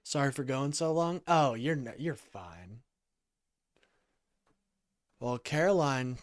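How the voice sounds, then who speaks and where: A man's voice: mid-range voice, expressive, slow, long pauses, dry recording, clean studio sound. A sleepy, yawning man hosting a casual call-in livestream, rambling and apologizing as he talks to chat.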